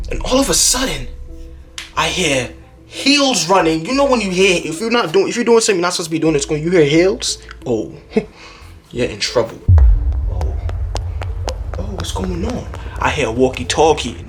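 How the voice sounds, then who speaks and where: A young man tells a story straight to the camera, slipping into the voices of the people in it. His voice sits fairly high and swings widely in pitch. Soft music plays faintly behind him. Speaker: vlogger telling a story. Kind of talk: animated storytime.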